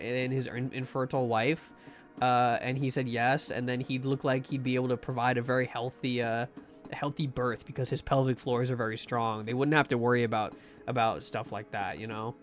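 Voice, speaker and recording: A man's voice: medium pitch, fairly even intonation, moderate pace, soft background music. A young man streaming a horror game, chatting to his viewers in a rambling, jokey way with many restarts and asides. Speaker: livestreamer playing a horror game. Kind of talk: casual gameplay commentary to chat.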